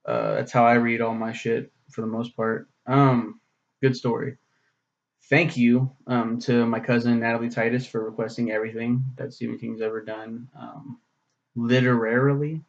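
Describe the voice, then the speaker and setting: Gravelly, rambling, profane young vlogger man. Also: mid-range voice, level tone, moderate pace, muffled recording. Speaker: book reviewer. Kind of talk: casual vlog review.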